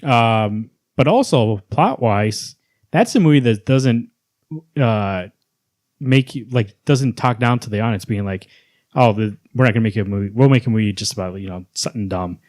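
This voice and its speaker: A man's voice: on the low side, no room sound, studio quality. A man co-hosting a podcast, chatting casually about comic book movies and acting out quotes. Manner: rapid, animated, acts out quotes. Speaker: podcast co-host.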